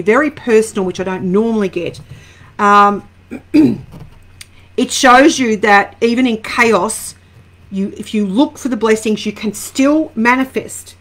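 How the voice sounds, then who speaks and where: A woman's voice: mid-range voice, fairly bright tone. A middle-aged Australian woman doing a casual live-stream angel card reading, greeting viewers by name and drifting into rambling personal asides.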